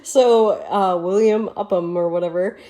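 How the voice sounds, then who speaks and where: A woman's voice: mid-range voice, steady tone, unhurried, warm tone. A woman from Michigan co-hosting a casual political podcast, telling stories bluntly with swearing and laughter. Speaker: podcast co-host.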